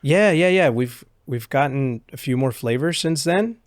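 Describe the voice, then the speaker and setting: A man's voice: medium pitch, animated, moderate pace, dry recording, clean studio sound. Easygoing man agreeing in casual chat. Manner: easygoing, agreeable, lots of yeahs. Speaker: podcast guest, YouTuber.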